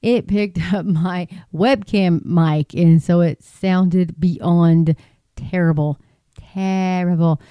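Woman podcast host, casual and rambling, smooth mellow voice, dry close recording. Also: fairly low pitch, fairly even intonation, slow pace, dry recording, dull audio. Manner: rambling, chatty, frequent restarts and asides, laughs often. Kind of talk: casual solo podcast commentary. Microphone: podcasting microphone.

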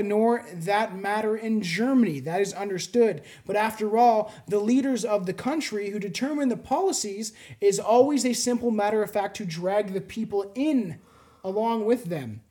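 A stern older wartime official's words, read aloud by a man in his own high voice. The delivery is slightly theatrical. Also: moderate pace, a little mellow, close to an everyday voice.

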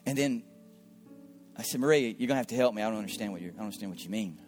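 A middle-aged man, a pastor, telling a story in an earnest sermon, often repeating his words and dropping into soft asides. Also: lowish voice, very fast. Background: faint guitar music.

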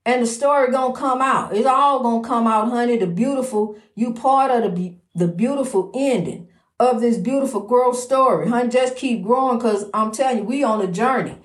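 A high-pitched woman talks about her faith in a slow, preachy, repetitive way, often calling the listener "honey". Her lines sometimes lift into a sing-song lilt. The sound bounces around an echoey room. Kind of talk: faith-filled personal monologue.

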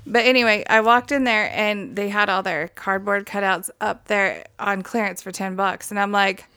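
A woman's voice: mid-range voice, fairly even intonation, normal speed, bright, forceful tone, clean tone, no room sound. A woman in casual podcast chat, talkative, swearing freely and laughing often.

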